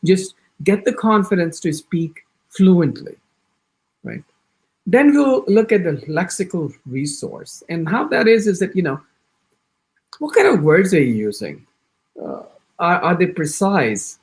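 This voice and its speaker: A man with an American accent giving an exam-prep orientation lecture, talking in quick bursts with frequent restarts and acting out sample answers. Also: high voice. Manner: animated, talks fast in bursts with many restarts. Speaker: IELTS instructor.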